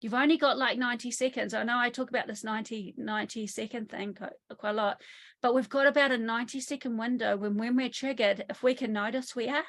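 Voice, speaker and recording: A woman working as a trauma therapist, speaking in an online interview from her country home over a video call, telling lively stories and acting out what people said. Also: a little high, quick pace. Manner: lively storytelling, often acts out quotes.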